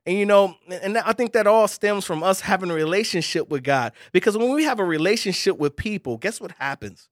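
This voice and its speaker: A man with telling a lively faith story in casual podcast chat, acting out voices and laughing often. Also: high-pitched, no room sound, studio quality.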